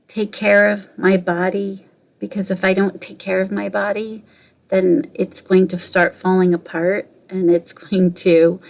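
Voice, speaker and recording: A middle-aged podcast host speaks earnestly in a medium-pitched, gravelly voice as she recounts something from her own life and gives motivational advice. She repeats phrases and voices other people's words herself.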